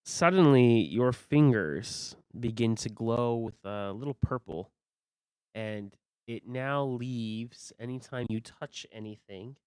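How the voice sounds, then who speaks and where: A game master running a tabletop game, narrating and explaining in a relaxed, loose way. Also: medium pitch, slow, clear, resonant tone, no echo.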